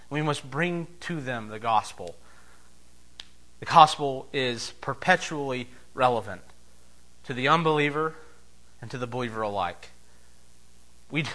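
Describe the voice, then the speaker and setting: A man preaching a sermon as pastor, emphatic, swinging between loud declarations and soft, low asides.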